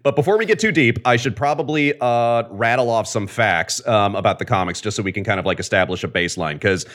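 A man's voice: fairly low pitch, fairly quick, fairly bright tone. A man appearing as a podcast guest, explaining comics in a rambling, enthusiastic way. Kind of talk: casual podcast chat.

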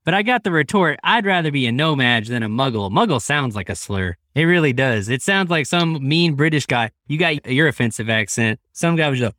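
A man's voice: medium pitch, lively intonation, brisk, few pauses, bright, forceful tone, no room sound, clean studio sound. A man co-hosting a podcast, tossing out joking retorts in casual movie chat. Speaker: podcast co-host.

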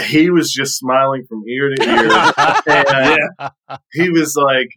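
A man telling a relaxed personal story on a podcast, rambling and leaning on fillers. His voice sits at an everyday middle pitch. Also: measured pace, noisy background. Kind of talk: casual storytelling.

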